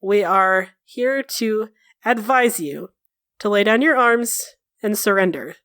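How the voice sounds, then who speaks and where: A woman's voice: medium pitch, takes it slowly, fairly bright tone, no room sound, studio quality. A woman voicing a male elf envoy who speaks formal and earnest. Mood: resolute.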